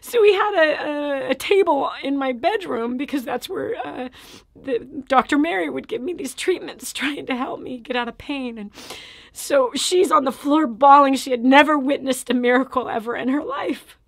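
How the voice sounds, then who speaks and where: A high-voiced woman shares her testimony and preaches with dramatic delivery, often sinking into a hushed whisper. The recording is close and dry. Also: moderate pace, vocal fry, no room sound. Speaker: Christian motivational speaker.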